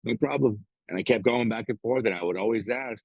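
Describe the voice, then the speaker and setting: A man's voice: mid-range voice, expressive, normal speed, few pauses, husky, no room sound, muffled recording. A middle-aged man co-hosting a podcast, talking bluntly in casual chat, swearing often and acting out the lines of others. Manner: blunt, heavy swearing, acts out quoted dialogue. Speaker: podcast co-host.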